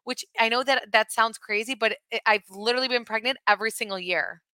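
A woman's voice: fairly high pitch, a little fast, pushed and bright, clear, resonant tone, dry recording. A woman in her thirties telling a rambling family story in casual podcast chat, full of fillers. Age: 30s. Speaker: podcast co-host.

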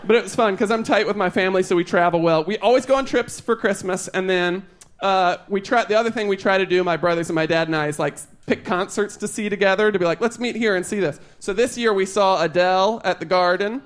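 A man's voice: high voice, fast. A young adult man performing a stand-up comedy set on stage before a live audience, with chatty, rambling storytelling full of asides.

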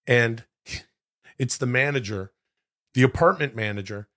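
A man co-hosting a comedy podcast, brainstorming in a casual, excitable way, swearing freely and jumping up in pitch as he riffs. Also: measured pace. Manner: animated, excitable, jumps high in pitch when riffing. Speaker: podcast co-host.

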